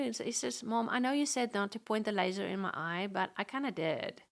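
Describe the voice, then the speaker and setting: A woman's voice: medium pitch, fairly quick, hardly any pauses. A middle-aged woman telling a personal testimony in a church interview. She acts out the quoted dialogue as she goes. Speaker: guest sharing a testimony. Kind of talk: storytelling testimony.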